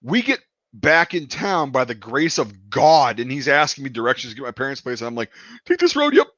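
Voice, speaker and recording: A man's voice: mid-range voice, fairly quick, sharp tone, dry recording. Guy swearing a lot through a rambling story, dull dry lo-fi sound. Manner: profane, rambling anecdotes. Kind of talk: casual storytelling.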